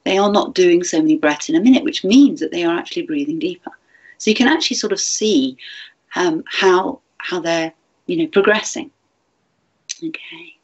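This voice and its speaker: A woman giving a gentle, chatty teacher training talk, with fillers and restarts. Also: fairly low pitch, moderate pace, breathy edge, lo-fi sound.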